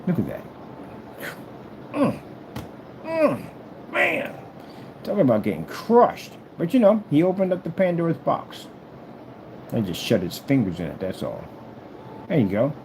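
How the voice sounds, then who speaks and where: A man taunts a rival while he shows off his own gear, and his low voice swings widely in pitch. His tone is dark and mellow, and there is a faint hum of room noise behind him. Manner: taunting and trash-talking, repeats phrases; animated swings between loud and low. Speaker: screen maker showing his product. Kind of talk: boastful product demo vlog.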